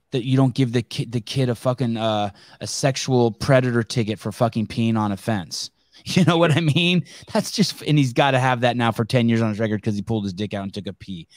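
A man's voice: medium pitch, no echo, studio quality. A man hosting a podcast in casual interview chat, who restarts his sentences often and swears freely. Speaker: podcast host.

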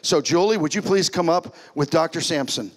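A man preaching as a pastor in a church, animated, swinging between loud calls and soft, hushed lines. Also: on the high side, moderate pace. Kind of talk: sermon. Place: church sanctuary.

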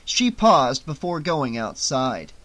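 Bright-voiced male horror audiobook narrator. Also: mid-range voice, sing-song, slow. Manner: dramatic, tense storytelling.

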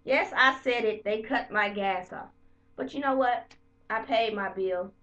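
A woman vlogger telling the story of her bad day to camera in a heated, profane, animated way. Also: on the high side, unhurried, distant mic, dull audio. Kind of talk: casual storytelling rant to camera.

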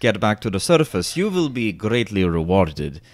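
Man doing a pompous cleric, haughty, lowish voice, dry. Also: big pitch swings, normal speed, dry recording. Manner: haughty, indignant. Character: pompous self-important male high priest cleric.

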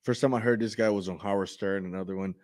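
A man's voice: fairly low pitch, steady tone, fast talker, a little mellow. A man hosting a reaction video, chatting casually and rating clips with fillers and laughs.

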